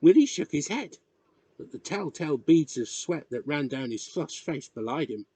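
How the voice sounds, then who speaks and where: A man reading a novel chapter aloud in measured, expressive narration. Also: on the high side, slightly rough. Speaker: reader. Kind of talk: audiobook narration.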